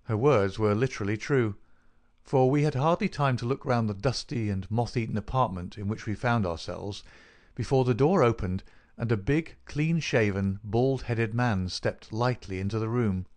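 A man narrating a classic detective story as an audiobook, measured and even. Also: lowish voice. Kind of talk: scripted narration.

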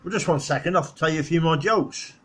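A man's voice: a little high, fairly quick, husky. A middle-aged man, rambling casually through old memories on his vlog and laughing at his own stories. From northwest England. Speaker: vlogger.

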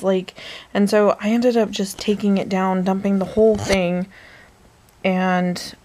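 A woman's voice: mid-range voice, flat delivery, a little slow, a little mellow. A woman vlogging casually from her bed at night, rambling through a story and now and then dropping to a whisper. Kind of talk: casual bedtime vlog chat. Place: bedroom, in bed.

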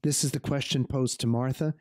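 Earnest bishop offering a pastoral reflection. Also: male voice, medium pitch, steady tone, brisk, darkish tone, no echo, clean studio sound. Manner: earnest, pastoral, addresses listeners as folks. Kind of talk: reflection on the gospel.

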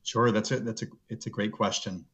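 A middle-aged man, a seminary professor, speaking as an interview guest and telling stories earnestly, slowing down to stress a point. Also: fairly low pitch, steady tone, fairly bright tone. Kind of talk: reflective interview storytelling. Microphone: video call. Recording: dull lo-fi video call audio.

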